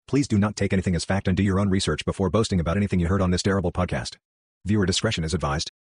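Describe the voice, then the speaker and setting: A man rattles off a warning disclaimer at a breakneck clip, flat and deadpan. His voice sits very low and comes out husky. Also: rapid-fire, no room sound, studio quality. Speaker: podcast disclaimer announcer.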